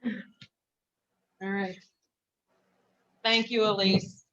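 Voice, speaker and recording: A woman hosting a club meeting, moderating questions in an unhurried, reassuring way. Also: medium pitch, little pitch movement, a bit bright, dull audio. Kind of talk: moderating questions on a video call.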